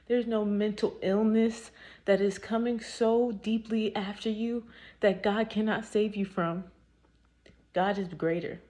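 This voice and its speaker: A woman's voice: on the low side, mellow. A woman giving an earnest, emphatic devotional talk, with many filler words. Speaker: faith content creator.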